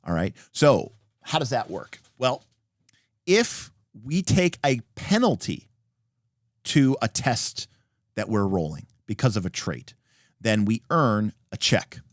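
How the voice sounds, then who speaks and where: Guy explaining rpg rules on a stream, super animated voice all over the place, dry sound. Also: lowish voice, slow pace, no room sound. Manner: animated, acts out example dialogue, many fillers. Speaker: host explaining game rules. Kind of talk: casual rules explanation on a livestream.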